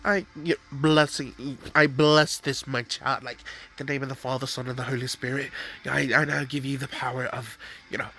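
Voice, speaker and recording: A man's voice: mid-range voice, level tone, moderate pace, bright, forceful tone. A man doing a gushing, bossy mom. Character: excitable, bossy middle-aged mother.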